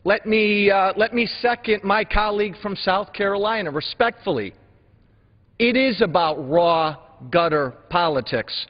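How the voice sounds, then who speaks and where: A man's voice: high voice, a little slow. A man giving a combative floor speech as a congressman, firing off rhetorical questions. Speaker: congressman speaking in floor debate. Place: large legislative chamber. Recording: dull broadcast sound with long hall reverb.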